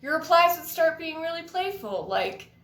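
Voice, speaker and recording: A young woman delivering a deadpan comedy monologue of absurd one-liners, recorded on a household item used as a mic. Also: extremely high pitch, moderate pace, echoey room.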